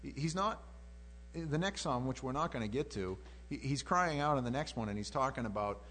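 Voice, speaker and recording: A man's voice: medium pitch, very animated, fairly quick, a bit bright, breathy edge. A man teaching verse by verse in an informal sermon, who acts out the scripture and chuckles as he goes. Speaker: Bible teacher.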